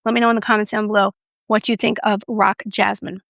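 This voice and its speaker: A woman doing a casual makeup review vlog, chatty and playful, with self-mocking asides and soft whispered moments. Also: medium pitch, level tone, quick pace, vocal fry, dry recording, clean studio sound. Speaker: beauty reviewer.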